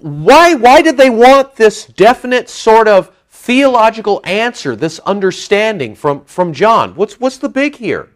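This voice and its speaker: A man teaching from the Bible in a sermon, animated and joking, acting out the people he quotes. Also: sits high, a little slow. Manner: animated, jokey, acts out quoted voices. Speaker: preacher.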